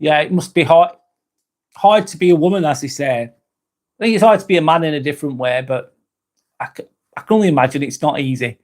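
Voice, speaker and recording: Laid-back man, higher voice. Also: fairly quick, long pauses. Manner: laughs often, swears casually, easygoing. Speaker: livestream host. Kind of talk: casual live chat reading viewer comments.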